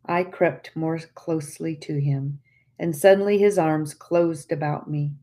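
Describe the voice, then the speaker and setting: A woman narrating an audiobook in a soft, tender, measured reading, often dropping to a hush. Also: low-pitched, steady tone.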